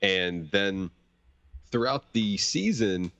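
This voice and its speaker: A man chatting casually on a podcast in a measured, laid-back way, sometimes critical. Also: lowish voice, expressive, a bit bright. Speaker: podcast panelist. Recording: dry, dull lo-fi mic.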